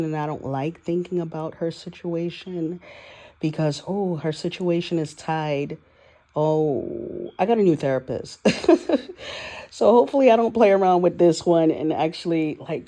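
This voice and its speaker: Woman, 40s, dark mellow tone, unscripted confessional vlog, raw and rambling. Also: deep voice. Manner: candid, rambling, profane, emotional. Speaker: vlogger. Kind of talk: confessional audio diary. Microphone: voice-only recording, no video.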